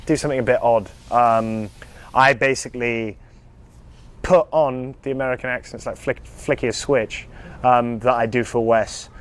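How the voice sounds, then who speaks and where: A young British man, an actor, chatting casually in a live fan Q&A, telling stories in an animated, self-amused way with frequent ums and restarts. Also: mid-range voice, normal speed. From United Kingdom. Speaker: actor answering fan questions.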